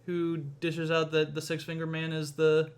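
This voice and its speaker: A man's voice: a little high, completely flat delivery, normal speed, smooth. A young man hosting a podcast, casually retelling a film's plot with lots of fillers, swearing and acted-out quotes. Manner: rambling, acts out quotes, frequent fillers and cursing. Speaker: podcast host.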